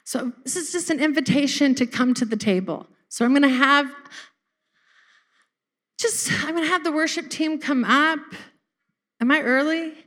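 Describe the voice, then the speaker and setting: A woman's voice: high voice, moderate pace, pauses often, fairly bright tone. A woman preaching a casual sermon to a congregation, chatty and direct, often asking if they caught that. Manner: chatty, laughing, talks straight to the congregation. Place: church service.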